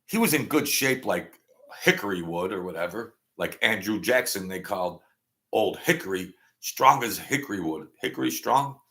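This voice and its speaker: A man's voice: fairly low pitch, lively intonation, moderate pace, sharp tone. A man in his sixties hosting his own channel, rambling through a casual monologue in a chatty, self-mocking way and chuckling often. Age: 60s. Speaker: channel host.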